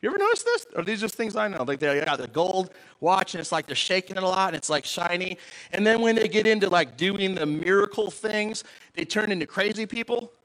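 Lively, high-voiced man preaching. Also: a little fast, poor audio. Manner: animated, joking, asks the audience questions. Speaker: pastor. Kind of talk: sermon.

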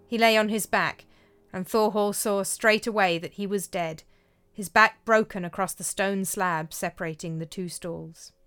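A woman narrating a folk tale in a measured, expressive way. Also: mid-range voice, smooth. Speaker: storyteller. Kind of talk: storytelling narration.

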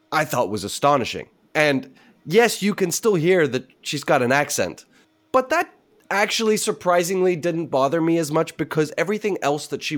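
A man on a casual panel discussion, giving emphatic, opinionated takes. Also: medium pitch.

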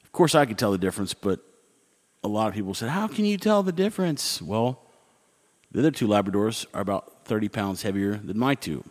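A middle-aged man telling everyday stories in a wry, rambling, conversational way, with animated asides. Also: lowish voice, a little fast, big-room sound. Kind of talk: casual storytelling.

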